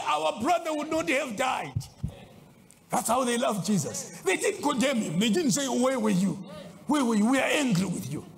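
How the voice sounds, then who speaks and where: A man preaching a sermon as a bishop, swinging between loud exclaims and low asides. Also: creaky. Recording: long hall reverb.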